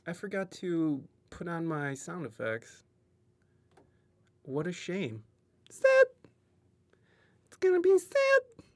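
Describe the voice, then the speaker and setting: Goofy rambling podcast host, a man. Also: a little high. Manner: goofy, rambling, jokey with frequent laughs. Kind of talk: casual podcast chat.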